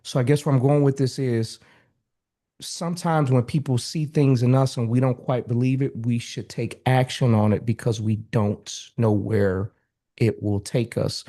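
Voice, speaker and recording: A man's voice: mid-range voice, steady tone, unhurried, dark tone. A man guest speaking in an earnest, reflective way in casual chat.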